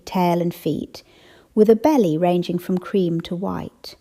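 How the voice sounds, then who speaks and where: A woman voicing a snobbish society woman who speaks in an overly posh, flat monotone. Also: medium pitch, gravelly.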